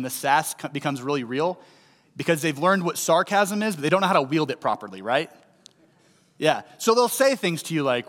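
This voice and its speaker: A man's voice: fairly high pitch, a bit bright. Man preaching in a reverberant hall. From St. Louis, USA. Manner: conversational storytelling, rising emphasis on key lines. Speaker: pastor. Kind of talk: sermon.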